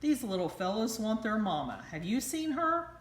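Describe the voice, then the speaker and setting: A woman's voice: mid-range voice, very animated, moderate pace, close to an everyday voice. A woman voicing a kind little male rabbit in a storybook read-aloud, speaking with an earnest, lifted voice. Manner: bright, lifted, earnest questioning. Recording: roomy echo.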